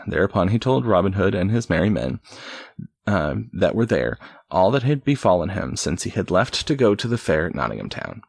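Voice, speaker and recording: A man's voice: sits low, big pitch swings, fairly quick, gravelly, slightly rough, no room sound. A man casually reading a storybook aloud, stumbling now and then and adding wry asides. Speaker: reader.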